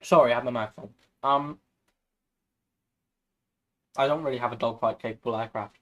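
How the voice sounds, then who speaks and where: A man's voice: mid-range voice, steady tone, normal speed, fairly bright tone. Chatty man streaming a game. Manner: chatty, swears casually. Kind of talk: casual gaming chat.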